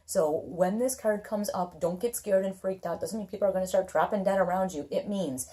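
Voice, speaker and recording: A woman's voice: mid-range voice, fairly quick, warm tone. A woman doing a casual tarot reading, chatty and reassuring, often checking in with "okay?". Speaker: tarot reader.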